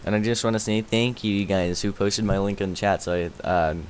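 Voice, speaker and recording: A man streaming a game live, rambling excitedly, answering chat and thanking viewers as he plays. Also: on the low side, fairly quick, slight background noise. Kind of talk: live gaming stream chatter.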